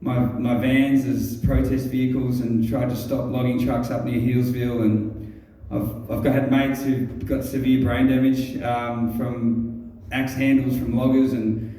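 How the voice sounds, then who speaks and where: A man with an Australian accent telling a rambling stand-up comedy story, halting often with ums and restarts and swearing freely. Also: mid-range voice, flat delivery, dark tone. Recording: very echoey room, mic far off.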